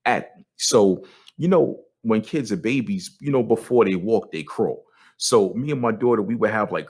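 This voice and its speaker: A man's voice: sits low, slightly rough. A man, hosting a podcast as a casual, candid monologue with profanity and frequent restarts. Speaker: podcast host.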